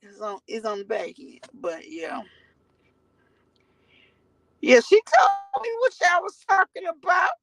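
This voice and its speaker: A woman's voice: very high-pitched, huge pitch swings, slow pace, pauses often, low-quality recording. A woman vlogging from her car, telling a rambling, profane story to her viewers.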